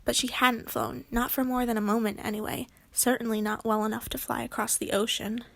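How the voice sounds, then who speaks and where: A woman narrating a children's book aloud in a clear, expressive storytelling voice. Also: a little high, brisk, dry recording.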